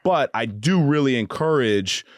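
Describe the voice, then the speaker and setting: A male podcast host in relaxed conversation with a friend. He jokes at his own expense and laughs easily. His voice sits mid-range and is recorded dry and close. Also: mid-range voice, a little slow, no room sound. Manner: laughs often, candid and self-mocking. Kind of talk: casual podcast chat.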